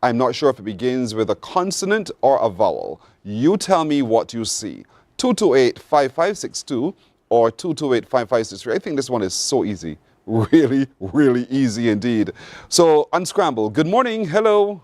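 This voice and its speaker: On his morning show, a Barbadian host reads the news and leads a fun call-in word game. His medium-pitched voice is lively and playful, stretching words out teasingly, and the recording is dry.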